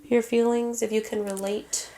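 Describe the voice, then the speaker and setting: Woman co-host, teary and candid, gravelly fry, a touch high; casual, laughs easily. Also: little pitch movement, moderate pace, a crowd in the background. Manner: candid, laughing, swears casually, mixes in Spanish words. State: teary after crying. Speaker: podcast co-host. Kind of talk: casual podcast chat. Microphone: handheld mic.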